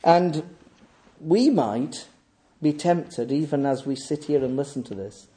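A man preaching a sermon in a measured, emphatic way, pausing deliberately between phrases. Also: a little high, warm tone.

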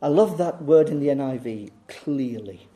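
Preaching with emphatic insistence, a man repeats key words and throws rhetorical questions at the congregation, swinging from raised urgency to quiet asides. His voice sits a little high, with fairly even intonation, and he talks fast.

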